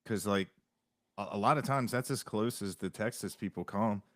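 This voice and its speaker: A man's voice: lowish voice, moderate pace, fairly bright tone, no room sound, clean studio sound. A man hosting a podcast in casual chat, chatty and full of fillers. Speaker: podcast host.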